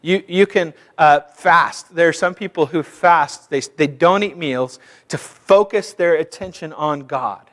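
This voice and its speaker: A man's voice: a little high, measured pace, hardly any pauses, a bit bright. A male pastor giving a sermon in a church, conversational and self-deprecating, building to fervent exhortation.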